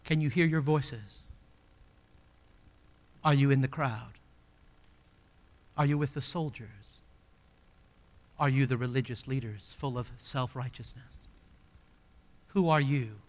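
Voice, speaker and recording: A male pastor preaching a sermon, emphatic, swinging between loud exclamations and hushed, slowed asides. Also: mid-range voice, long reverb tail.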